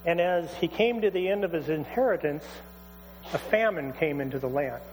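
A preacher with a high voice tells a scripture story in a relaxed, lively way. His words echo through a church hall, with a faint electrical hum in the background. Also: moderate pace. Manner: conversational, animated retelling. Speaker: pastor. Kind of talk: sermon storytelling.

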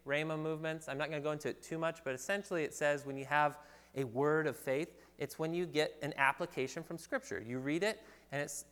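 A man's voice: mid-range voice, a bit bright. A man preaching a sermon to his congregation in an earnest, conversational way, joking at times and restarting sentences. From California, USA. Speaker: pastor. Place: church sanctuary. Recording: long hall reverb.

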